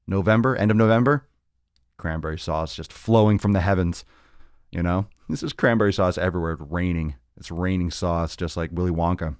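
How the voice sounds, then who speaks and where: Deep-voiced man rambling on a live stream. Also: a little fast, clear, resonant tone, no echo, studio quality. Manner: profane, rambling, joking. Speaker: podcast host. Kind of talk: casual live-stream monologue.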